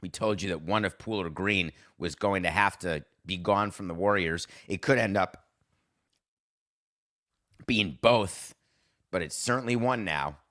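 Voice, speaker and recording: A man hosting a sports podcast, delivering a sarcastic, animated, worked-up opinion monologue. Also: sits low, measured pace, long pauses. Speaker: podcast host.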